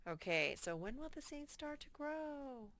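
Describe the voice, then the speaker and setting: A woman teaching a first grade reading lesson, slowly sounding out words in a patient way. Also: high-pitched, big pitch swings, fairly bright tone, no echo. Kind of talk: reading lesson for young children.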